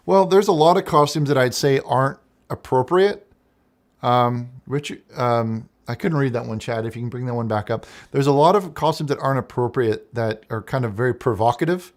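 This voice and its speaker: A man's voice: mid-range voice, normal speed. A man hosting a comic call-in show, talking in a rambling, hesitant way with many restarts. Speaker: host.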